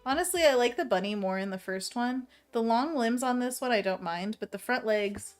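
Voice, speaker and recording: A woman's voice: a little high, a little fast, few pauses, soft background music. A woman hosting a painting livestream, chatting casually, reading viewer messages aloud and laughing often while she works. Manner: talks to herself while working. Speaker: livestream host painting envelopes.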